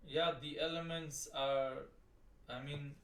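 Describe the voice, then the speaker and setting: A man's voice: fairly high pitch, steady tone, takes it slowly, a bit bright. A man giving profane, exasperated, rambling commentary while reacting to a video. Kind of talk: ranting commentary. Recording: roomy sound, distant from the mic.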